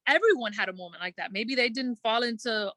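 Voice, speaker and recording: A woman guest in a casual interview, telling her story earnestly and quickly, acting out her own thoughts and using many "like" fillers. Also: fairly high pitch, lively intonation, pushed and bright, no room sound. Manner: earnest, fast storytelling with quoted self-talk and many "like" fillers. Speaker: guest entertainer.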